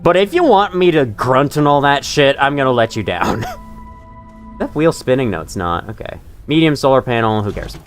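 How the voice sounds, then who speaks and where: A male streamer talks through his gameplay in a loose, chatty way, laughing easily and poking fun at himself. His voice swings widely up and down as he reacts. Quiet music plays faintly behind him. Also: medium pitch, lively intonation, normal speed. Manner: chatty, self-deprecating, laughs often. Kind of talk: live gameplay commentary.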